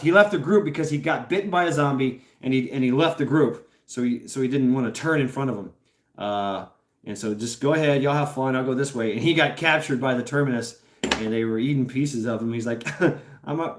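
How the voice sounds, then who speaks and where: A man hosting a casual livestream, reading out chat and rambling with laughs, swears and lots of fillers. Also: medium pitch. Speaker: host reading live chat. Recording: roomy echo.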